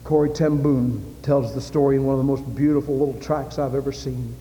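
A man preaching a sermon with impassioned delivery, building to loud climaxes. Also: mid-range voice, fairly even intonation, fairly quick. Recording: echoey hall with faint ambience.

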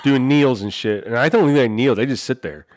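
A man's voice: medium pitch, fairly quick, no room sound. A man casually telling crude stories on a podcast, acting out the dialogue as a father. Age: adult father. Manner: crude, animated storyteller who acts out dialogue. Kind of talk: casual storytelling chat.

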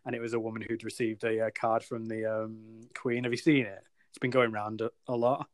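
A man's voice: fairly low pitch, little pitch movement, brisk, no room sound. A British man hosting a casual chat, quizzing and teasing his co-host and laughing easily. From Britain. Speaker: podcast co-host.

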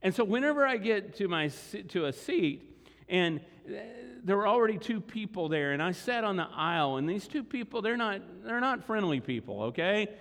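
A man's voice: sits high, very animated, moderate pace, fairly bright tone. A man, preaching and telling a story conversationally to his congregation. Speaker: pastor. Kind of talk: sermon storytelling. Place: large church hall. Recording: long hall reverb.

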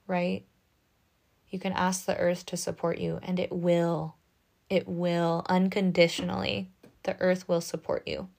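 A woman giving a casual spoken tarot reading in a gentle, reassuring, chatty way, often tagging her lines with "right?". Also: fairly low pitch, level tone, a little slow, gravelly. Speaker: tarot reader.

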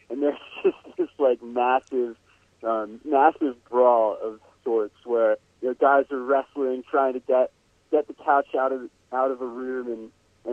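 A young man tells a rambling story, laughing between his words and full of fillers. He comes through a tinny phone line. The sound is dry, with no room echo. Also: mid-range voice. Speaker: guest musician. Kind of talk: casual storytelling.

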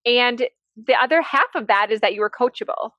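A woman's voice: on the high side, fairly quick, bright, forceful tone, no room sound. A woman hosting a podcast and working as a coach, asking her guest questions in an encouraging way and often answering with brief words of agreement. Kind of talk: interview questions.

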